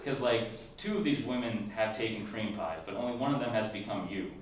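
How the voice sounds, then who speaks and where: A man's voice: lowish voice, brisk, lo-fi sound. A young man telling crude jokes in a conversational stand-up set, often tagging lines with "right?". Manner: crude, conversational, tag questions. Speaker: stand-up comedian. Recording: echoey room, far mic, loud noise.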